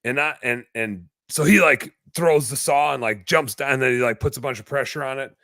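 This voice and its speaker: A man's voice: medium pitch, fairly quick, no room sound. Casual storytelling man, dry close sound. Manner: animated, swears freely, acts out quotes loudly. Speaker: podcast guest.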